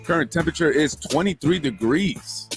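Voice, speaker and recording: A man's voice: a little high, animated, moderate pace, creaky, music in the background. A man hosting his own podcast, talking casually in an aggrieved, indignant, rambling way. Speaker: podcast host. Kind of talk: casual solo podcast monologue.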